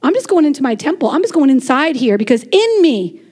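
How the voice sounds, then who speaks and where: Woman preacher, 40s, high voice, animated sermon delivery with chatty asides. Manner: animated, conversational preaching with quick asides and laughs. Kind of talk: lively sermon.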